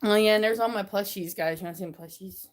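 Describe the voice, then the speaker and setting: Speaking fast at a medium pitch, a woman chats on a livestream through her phone from her cluttered bedroom. She rambles and grows increasingly hyper and excited.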